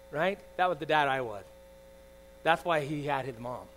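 A man in his forties preaching a sermon, swinging from loud emphatic lines to soft confiding asides, often asking the congregation "all right?". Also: fairly high pitch, normal speed, low-quality recording. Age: 40s. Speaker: pastor. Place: church. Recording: faint mains hum.

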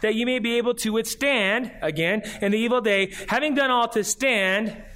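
High-pitched guy preaching, reads scripture, keeps asking the congregation questions, earnest. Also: moderate pace, sharp tone. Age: adult, grew up and did junior high marching band. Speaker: pastor. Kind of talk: sermon.

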